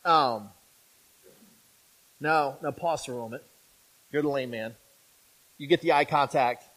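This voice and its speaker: A man's voice: mid-range voice, measured pace. A man preaching a sermon in a conversational way. He often checks in with "right?" and acts out imagined speakers. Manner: conversational, with frequent "right?" tags to the congregation; animated, acting out imagined speakers.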